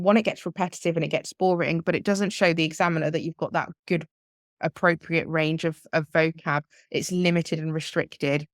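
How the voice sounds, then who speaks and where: A woman's voice: fairly low pitch, no echo, clean studio sound. A woman, a language teacher, explaining exam tips in a live webinar, talking things through with restarts and examples.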